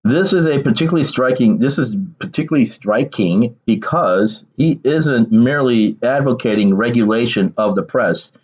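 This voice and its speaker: A man's voice: mid-range voice, lively intonation, normal speed, few pauses, a little mellow, breathy edge, lo-fi sound. A man doing casual political commentary on his vlog, reading aloud and then ranting emphatically with bursts of laughter.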